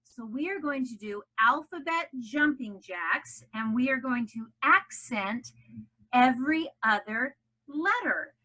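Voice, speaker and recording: Woman, teacher, encouraging, drawn-out vowels, bright, somewhat high voice. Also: animated, poor audio. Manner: warm encouraging teacher, exaggerated stressed vowels. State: out of breath after jumping jacks. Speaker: ESL teacher. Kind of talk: recorded classroom lesson for children.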